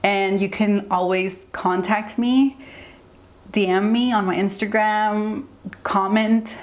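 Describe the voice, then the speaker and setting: A woman's voice: mid-range voice, steady tone, takes it slowly. Earnest young woman vlogging candidly. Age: young adult. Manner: earnest, open, rambling with many "like"s. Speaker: beauty vlogger. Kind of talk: candid get-ready-with-me vlog talk.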